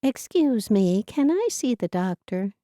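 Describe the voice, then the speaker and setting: A woman's voice: medium pitch, very animated, unhurried, mellow, dry recording, studio quality, voice pushed up. A woman voicing an elderly Amish widow, talking in an earnest, plaintive way. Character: elderly Amish widow, flustered but stubborn.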